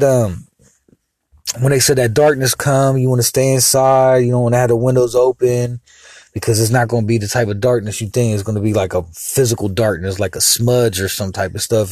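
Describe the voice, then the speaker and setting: A man talks in a loose, rambling monologue, getting heated and throwing in crude asides. His voice sits at an ordinary middle pitch. The sound is dry and close, with no room around it. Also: a little mellow, no echo. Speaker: podcast host. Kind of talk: casual monologue.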